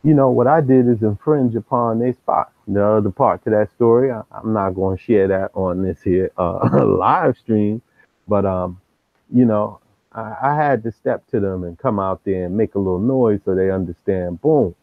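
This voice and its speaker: A lowish-voiced man speaks at normal speed on a live stream, with dry, tinny, phone-like sound and no echo. He casually tells street stories in slang, acting out the people he quotes.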